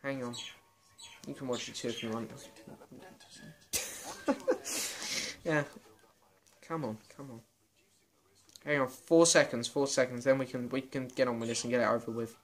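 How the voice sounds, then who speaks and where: A man's voice: mid-range voice, fairly even intonation, normal speed, pauses often. A young British man answering viewer questions in a casual, self-mocking vlog. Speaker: vlogger. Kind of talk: casual Q and A chat.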